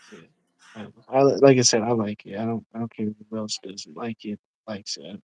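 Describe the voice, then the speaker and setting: A man's voice: lowish voice, steady tone, fairly quick, a little mellow, dry recording, rough recording. Rambling man on a casual livestream. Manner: rambling, filler-heavy, "you know what I'm saying". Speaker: livestream co-host. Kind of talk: casual chat.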